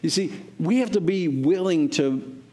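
A man's voice: a little high, unhurried, darkish tone. A man preaching a sermon as pastor, earnest and exhorting, repeating phrases for emphasis.

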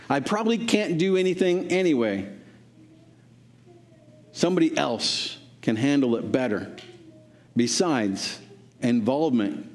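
A man preaching a sermon as pastor, earnest and exhorting, repeating phrases for emphasis. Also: medium pitch.

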